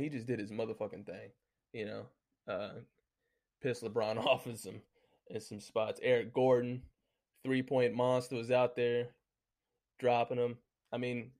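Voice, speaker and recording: A man's voice: medium pitch, fairly even intonation, moderate pace, a little mellow. A man talking casually and heatedly, cursing constantly and filling his speech with "you know what I'm saying" as he reads off his notes. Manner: profane, heated, full of fillers. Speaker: solo commentator reading from notes. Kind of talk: casual rant and sports talk.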